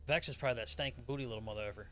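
A young adult man giving excitable, profane horror gameplay commentary and laughing often. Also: medium pitch, very fast. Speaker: gaming streamer.

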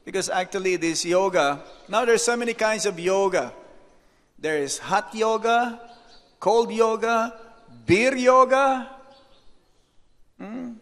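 Slow high-voiced monk in echoey hall. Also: male voice. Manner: unhurried, with rhetorical "hmm?" asides; storytelling, reads out anecdotes. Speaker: monk giving a lecture. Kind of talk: devotional lecture. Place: temple hall.

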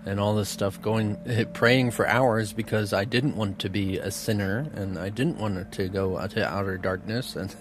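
A man giving an earnest, emotional spiritual talk, often laughing softly between thoughts. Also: fairly low pitch, measured pace, noisy background. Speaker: spiritual teacher. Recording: music bed under voice.

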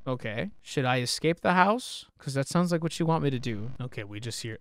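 A man streaming a horror game live, talking to chat with lots of swearing, joking asides and sudden yelled outbursts at what happens on screen. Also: medium pitch, lively intonation, brisk, few pauses, soft background music. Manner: profane, joking, bursts into loud yelps and shouting at the game. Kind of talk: live gameplay commentary.

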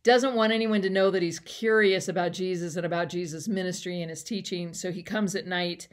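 A woman with a somewhat low voice gives a short devotional talk and closes with a prayer. She speaks in a conversational, reflective way and sometimes laughs lightly. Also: fairly even intonation, fairly quick. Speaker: pastor.

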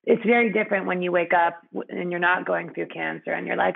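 A woman's voice: fairly low pitch, steady tone, brisk, vocal fry, phone-quality sound. A woman guest in a conversational interview, speaking frankly with many fillers and frequent laughter.

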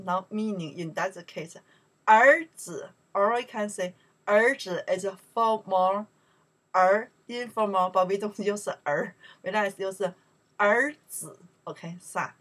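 A woman with a Mandarin Chinese accent, whose native language is Chinese, teaches pronunciation in unhurried English. Her tone is bright and a little breathy. She says each example word loudly and repeats it for the learner. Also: mid-range voice. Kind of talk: pronunciation lesson.

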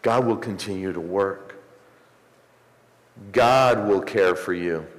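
A man preaching a sermon as pastor, rising into emphatic swells and slowing for pauses. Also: sits low. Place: church sanctuary. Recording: echoey church hall, some distance.

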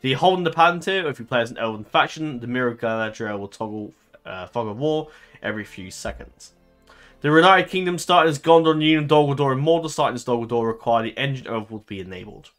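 Guy talking through his strategy game run, lots of ums and restarts, mid pitch, faint music under him. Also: lively intonation, fast talker, fairly bright tone. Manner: rambling, full of ums and self-corrections. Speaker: gaming channel host. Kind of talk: casual strategy game commentary.

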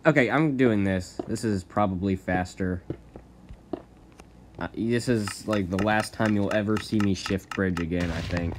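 A man giving casual, rambling commentary over his own gameplay, often laughing and jumping to high yelps. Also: moderate pace. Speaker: gaming channel host.

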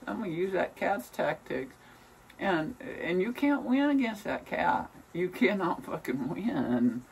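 A woman's voice: on the low side, very animated, measured pace, creaky, a little mellow, husky, far from the mic. A woman vlogging at home in a casual, rambling way, venting bluntly with lots of swearing. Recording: voice from away from the mic, faint room noise.

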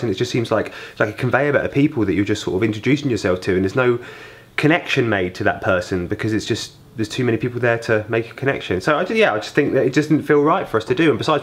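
A young English man talking casually to camera on a family vlog, relaxed and self-mocking. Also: mid-range voice. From England. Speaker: vlogger.

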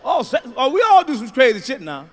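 A middle-aged male stand-up comedian doing a profane routine, swinging from low mutters to loud shouts. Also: huge pitch swings, a little fast.

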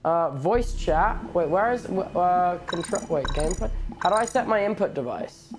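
A man casually chatting while streaming VR games, excitable and rambling, swearing a lot, on a headset mic. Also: sits high, moderate pace, background noise. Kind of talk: casual gaming stream chat.

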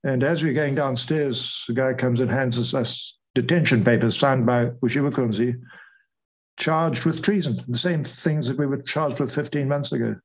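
An older man tells his story in an interview, with a voice of ordinary middle pitch. He retells events with energy and slips into the voices of the people he quotes. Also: normal speed, slightly rough, rough recording. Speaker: retired air force officer, guest.

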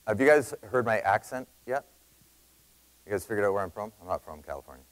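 A Canadian man giving an energetic sales talk to a live audience, telling a story in quick bursts with loud emphasis. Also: lowish voice, low-quality recording. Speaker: sales speaker.

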